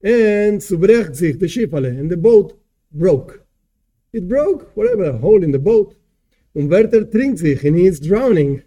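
A man teaching a song, translating and explaining it phrase by phrase in a slow, searching way. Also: sits high, sing-song, warm tone.

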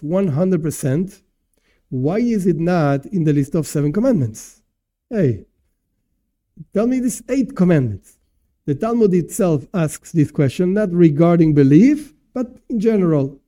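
A man giving an informal Torah lesson, explaining a commentary line by line and asking and answering his own questions. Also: fairly high pitch. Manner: animated, explanatory, asks and answers himself. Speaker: Torah teacher.

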